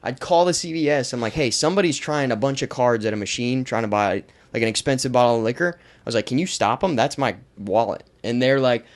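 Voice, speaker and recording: Podcast host guy telling a wild story, mid pitch, swears a lot, keeps it loose. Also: quick pace, few pauses. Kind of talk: casual storytelling chat.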